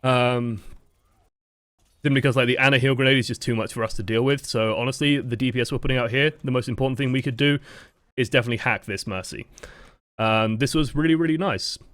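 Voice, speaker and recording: A young man talks fast through a live-streamed gameplay review, coaching in a projected, expressive voice that sits at an ordinary pitch. He swears casually as he breaks down plays. The sound is close and dry, with little room around it. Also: no room sound. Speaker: game coach reviewing footage.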